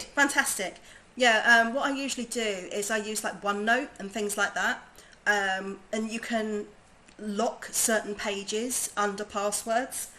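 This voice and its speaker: A woman's voice: medium pitch, fairly even intonation, measured pace, sharp tone, low-quality recording. Bubbly southern English woman streaming games. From southern England. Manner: chatty, bubbly, laughs easily. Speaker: game streamer. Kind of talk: casual gaming stream chat.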